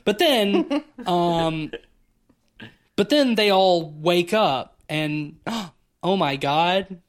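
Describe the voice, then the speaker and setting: A man's voice: high voice, drawn-out words. A man in his thirties co-hosting a podcast, talking casually and profanely about a film. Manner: rambling, animated, profane. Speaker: podcast co-host.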